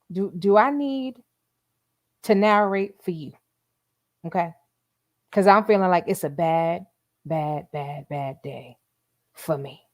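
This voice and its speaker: A woman's voice: on the low side, darkish tone, no echo, studio quality. An older woman hosting a casual livestream, chatting and gossiping with frequent laughs. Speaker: YouTube host.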